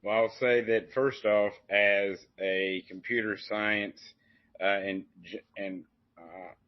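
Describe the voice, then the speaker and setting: A man hosts a podcast in a rambling, folksy, casual conversation full of fillers and restarts. His voice is on the low side, steady and slow, and the audio is dull, dry lo-fi with no room sound.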